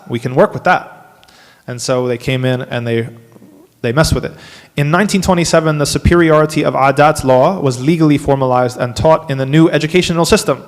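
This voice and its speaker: A man, an imam, giving a workshop lecture to a live audience, animated and dropping wry asides. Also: medium pitch. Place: mosque hall. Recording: long hall reverb.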